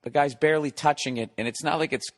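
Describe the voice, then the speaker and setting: A comedian hosting a podcast, telling a long profane story in a casual monologue, exasperated and sarcastic. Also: male voice, on the high side, fast.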